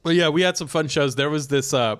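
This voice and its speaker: A man's voice: a little high, brisk. A man co-hosting a podcast, telling rambling comic stories and laughing often. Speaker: podcast co-host, comedian. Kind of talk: casual comedic chat.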